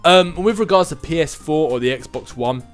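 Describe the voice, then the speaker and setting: A man's voice: on the high side, lively intonation, moderate pace, faint music behind. A man hosting his own gaming channel, answering viewer questions in a casual, chatty way and chuckling between thoughts.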